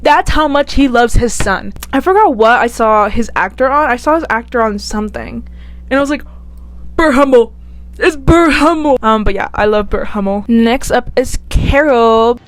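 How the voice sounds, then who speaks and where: A woman's voice: fairly high pitch, moderate pace. A young woman chatting casually and gushing about TV characters, filling her talk with "like". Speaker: YouTuber. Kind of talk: casual chat ranking TV characters.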